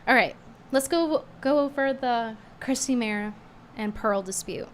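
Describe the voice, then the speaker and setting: A woman streamer, in casual commentary, speaks sarcastically and animatedly, and her indignant outbursts leave her voice a bit hoarse. Her pitch is fairly high and she goes a little slow. A little hiss or hum is present.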